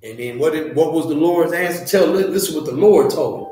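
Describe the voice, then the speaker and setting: A man teaching a scripture class, loud and profane, fired-up like a street preacher. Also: a little high, fairly quick, slight background noise. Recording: very echoey room.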